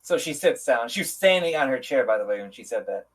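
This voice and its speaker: A man's voice: mid-range voice, expressive, quick pace, slightly rough. A man narrating a tabletop game on a live stream as game master, casual, laughing often and swearing freely.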